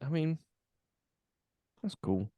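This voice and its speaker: A man's voice: on the high side, animated, slow, dark tone, no echo. A man who teaches, co-hosting a podcast in casual chat, laid-back, swearing and laughing often.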